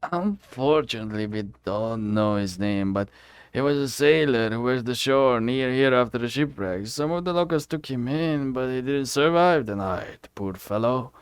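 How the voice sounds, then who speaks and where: A man voicing a gentle, soft-spoken old priest who talks in a kindly, hushed way. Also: mid-range voice, expressive, normal speed, clear, resonant tone, dry recording, close to an everyday voice.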